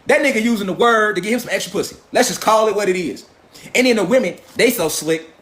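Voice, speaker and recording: A man's voice: sits high, fast talker, fairly bright tone. A man in a profane, confrontational ranting monologue, firing rhetorical questions. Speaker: commentator.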